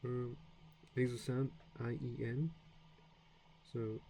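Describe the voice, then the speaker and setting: Slow, deep-toned American man rambling. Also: little pitch movement, dark tone, slight background noise, low-quality recording. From United States. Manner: rambling, self-deprecating, many fillers and restarts. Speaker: language learner streaming his practice. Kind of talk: casual self-study stream, practicing French sounds aloud.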